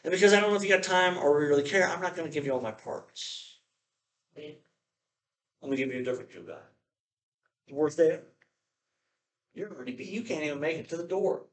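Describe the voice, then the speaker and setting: Man, pastor, sermon, fairly high voice, conversational, checks in with listeners. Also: fast, long pauses, fairly bright tone, poor audio. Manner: acts out prayers in a raised pleading voice.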